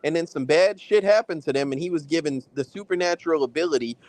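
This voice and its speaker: A man co-hosting a film review chat, talking in an animated, profane, slang-heavy way. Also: a little high, fast, no room sound, rough recording. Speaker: podcast co-host reviewing films. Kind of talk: casual chat.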